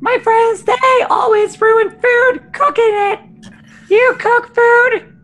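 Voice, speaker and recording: A woman putting on a tiny, high-voiced naive adventurer girl. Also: steady tone, fairly bright tone, heavily acted. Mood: naive curious. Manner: slow, wide-eyed, broken grammar. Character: small naive cheerful female adventurer.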